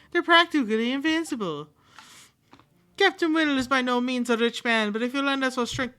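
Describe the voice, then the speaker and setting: A woman streamer reads game dialogue aloud in a fairly high, bright, forceful voice. She playfully takes on every part, changing voices and accents for each, sometimes adding pirate flourishes.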